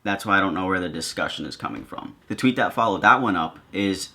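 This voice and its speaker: A man's voice: low-pitched, animated, fast talker, hardly any pauses, bright, forceful tone. A man talking casually to his viewers in a commentary vlog, with a sarcastic, joking manner. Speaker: video creator.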